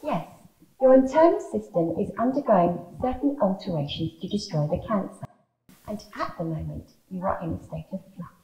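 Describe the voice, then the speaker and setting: An actress playing a calm, matter-of-fact doctor in an audio drama, reassuring a patient. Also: female voice, medium pitch, moderate pace, roomy sound, close to an everyday voice, poor audio. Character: calm, smooth-talking woman doctor.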